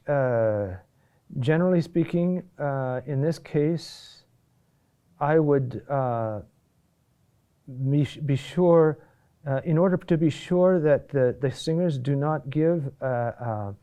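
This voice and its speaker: Man, chant instructor, mellow tone, hesitant lecturing with frequent fillers. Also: medium pitch. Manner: halting, many fillers and restarts, asks "huh?". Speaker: chant teacher.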